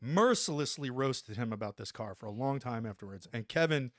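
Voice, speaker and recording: A man in his forties, an army veteran guest on a podcast, telling an animated story and tagging lines with "right?". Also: mid-range voice, fairly quick, no room sound, clean studio sound. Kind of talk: casual storytelling anecdote.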